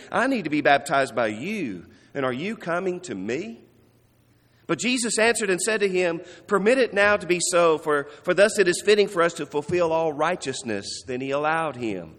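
A male pastor giving an earnest sermon, slowing down and softening to stress key phrases. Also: a little high, in a large hall. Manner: earnest, warm preaching with soft, slowed emphasis on key phrases.

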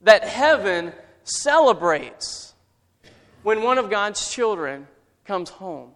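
A man preaching a sermon and retelling a parable as a story. He builds his intensity and then drops to a quiet voice for tender moments. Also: high voice, very animated, takes it slowly. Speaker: pastor. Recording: reverberant hall.

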